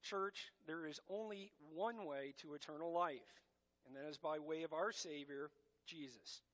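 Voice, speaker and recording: A man's voice: a little high, a little slow, fairly bright tone. A man preaching a sermon as pastor, emphatic and direct, addressing his congregation as church.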